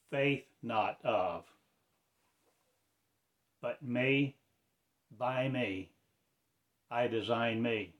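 Man, spoken-word performer; slow, halting, incantatory delivery in broken preacher-like phrases, mid-pitched voice.

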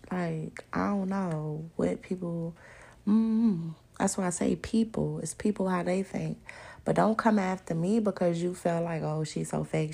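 Gravelly, husky woman ranting on a podcast. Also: medium pitch. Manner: blunt, profane, talks straight to listeners; animated, laughs often. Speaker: podcast host. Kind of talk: casual chat, open discussion monologue.

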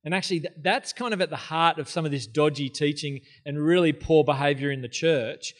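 A man preaching in a church with a slightly higher voice than most men. He keeps it casual and conversational, dropping in jokes and asides as he teaches. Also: brisk. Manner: casual, joking, conversational preaching with filler words. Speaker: pastor. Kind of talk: sermon. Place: church hall.

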